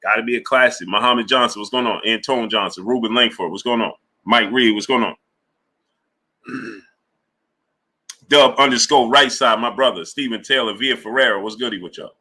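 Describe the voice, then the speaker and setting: A man's voice: mid-range voice, moderate pace. A man hosting a livestream, casually reading and greeting viewers from the chat. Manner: laid-back, shouting out viewers from the chat. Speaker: livestream host.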